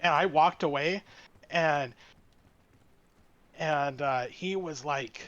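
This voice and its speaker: A man guest telling a work story in a casual, halting way, full of fillers and restarts. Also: fairly high pitch, fairly bright tone, no room sound, dull audio. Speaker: streamer guest.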